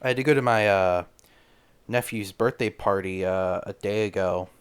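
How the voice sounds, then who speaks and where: A man with a low, smooth voice rambles through a jokey podcast monologue, tripping over his words and swearing freely. His tone stays loose and comedic as he riffs on his own nonsense. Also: normal speed. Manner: rambling, stammering, crude. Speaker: podcast host.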